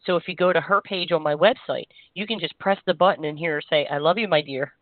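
A woman energy healer hosting a call-in show, giving gentle, reassuring spiritual guidance in a meandering way. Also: fairly low pitch, fast talker, no room sound. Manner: gentle, reassuring, meandering with frequent "you know". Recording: dry, tinny phone-line sound.

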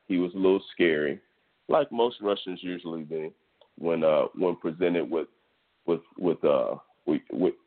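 A Texan man hosting a podcast, telling a sports story in a loose, profane, casual monologue. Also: low-pitched. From Texas, US. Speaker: podcast host. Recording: tinny phone-like audio.

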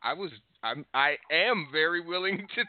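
A man's voice: a little high, lively intonation, moderate pace. A man co-hosting a call-in show, ranting casually with profanity and frequent laughter. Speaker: podcast co-host. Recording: tinny phone-like line.

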